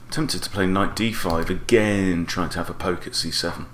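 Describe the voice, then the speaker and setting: Deep-voiced man thinking through chess moves. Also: fairly even intonation, normal speed, reverberant, a little hiss or hum. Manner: analytical, weighs moves out loud, self-correcting. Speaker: chess coach. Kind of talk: thinking aloud while playing a chess game.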